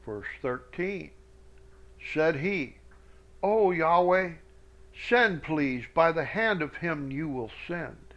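Slow, deliberate man teaching scripture. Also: a little high, expressive, fairly bright tone, highs cut off. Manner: reads verses slowly with emphasis, quick asides. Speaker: Bible teacher.

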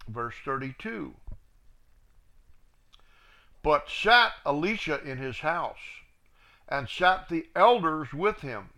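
A man's voice: fairly high pitch, big pitch swings, takes it slowly, pauses often, sharp tone. A man teaching the Bible verse by verse, reading passages aloud and adding plain asides. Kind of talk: verse-by-verse scripture reading with commentary.

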